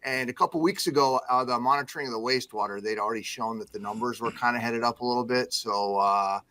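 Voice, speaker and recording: A man's voice: medium pitch, fast, sharp tone. A man from the Midwest, a news anchor speaking as a guest on a radio show, modest and easygoing, with many fillers. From Midwestern United States. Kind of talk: casual radio chat.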